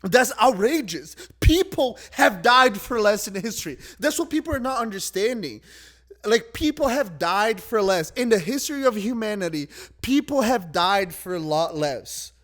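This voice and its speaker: A man's voice: high voice, sing-song, moderate pace, fairly bright tone. A young man ranting in a casual vlog, rambling and exasperated, swapping swear words for milder ones. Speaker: vlogger.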